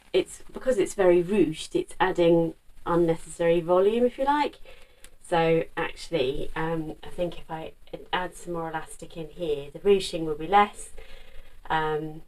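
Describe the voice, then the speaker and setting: A middle-aged woman talks casually to camera about her sewing. Her voice sits low, and she rambles along with fillers and restarts. The mic is set a little away from her. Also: steady tone, unhurried, a little mellow, recorded from a distance, rough recording. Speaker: sewing vlogger.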